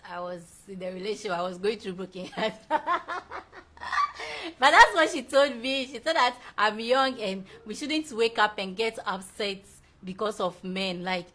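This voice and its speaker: A woman's voice: medium pitch, unhurried, sharp tone, slight background noise. Chatty woman hosting a show. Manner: effusive, laughs often, chatty. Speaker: show host. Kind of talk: casual live-show chat reading viewer comments.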